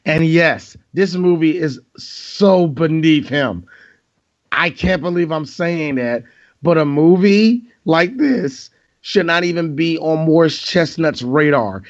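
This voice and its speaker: A man's voice: a little high, takes it slowly. A man co-hosting a podcast in casual banter, blunt and profane, joking about movies. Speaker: podcast co-host. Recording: dull lo-fi sound.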